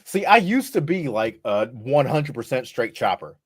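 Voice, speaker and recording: A man talking as the guest on a casual podcast interview, laid-back and relaxed, swearing now and then as he talks. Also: medium pitch, moderate pace, breathy edge, no room sound, clean studio sound. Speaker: rapper guest.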